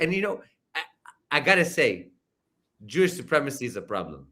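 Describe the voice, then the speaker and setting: A man talking over a video call in loose, unscripted commentary. His voice is bright and forceful and swings widely up and down, with a slightly raised pitch, and he leans on lots of fillers. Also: normal speed. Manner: animated, filler-heavy, loud mimicking outbursts. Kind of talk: casual political commentary on a call.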